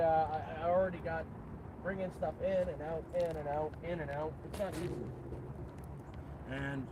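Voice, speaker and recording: A man's voice: a little high, a little mellow, slight background noise. Canadian man rambling on a rainy camp livestream. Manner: rambling and self-mocking, with playful "eh" and "bud". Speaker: livestream host. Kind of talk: casual outdoor livestream chat. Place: outdoors at a rainy campsite.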